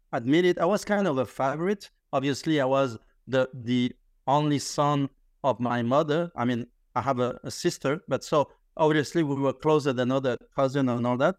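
Animated, laughing middle-aged man storyteller. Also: fairly high pitch, no echo, studio quality. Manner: animated, laughs often, many restarts. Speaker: podcast guest. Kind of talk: storytelling in conversation.

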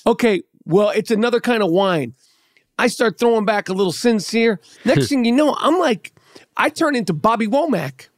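A man hosting a podcast, telling a story in a teasing, profane, animated way. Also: very high voice, moderate pace, no room sound, clean studio sound. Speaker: podcast host. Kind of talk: casual podcast banter.

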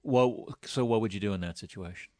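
Easygoing low-voiced interview host. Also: male voice, fairly quick, a little mellow, dry recording. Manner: easygoing, curious questioner. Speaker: podcast host. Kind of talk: casual interview chat.

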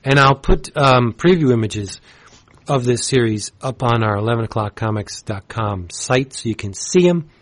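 A man's voice: medium pitch, lively intonation, moderate pace. Gushing man reviewing comics. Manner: enthusiastic, gushing, rambling with fillers. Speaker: podcast co-host. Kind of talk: casual comics review chat.

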